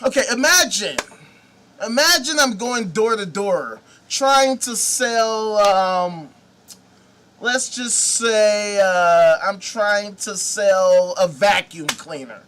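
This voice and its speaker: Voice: mid-range voice, lively intonation, takes it slowly, fairly bright tone, slight background noise. A host delivering a profane comedic rant, sarcastic and mocking, swearing freely.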